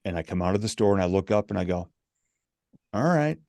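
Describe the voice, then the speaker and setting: A middle-aged man telling stories as a podcast guest, animated and acting out the lines of people he quotes. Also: deep voice, racing, no echo, clean studio sound. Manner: animated, acts out quoted dialogue. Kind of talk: storytelling in a podcast interview.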